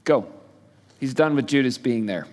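A pastor's slightly high voice, lively in intonation and normal in speed, fills a large hall as he teaches a sermon. He approaches the Bible conversationally, telling stories and slipping in playful asides.

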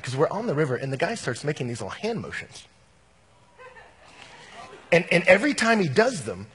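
A middle-aged man preaches in a church sanctuary, his voice high and husky. He tells the story with animated, lively swings and acts out the voices of the people in it. The sound rings with the long reverb of a large hall. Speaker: pastor. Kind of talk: sermon with a personal story.

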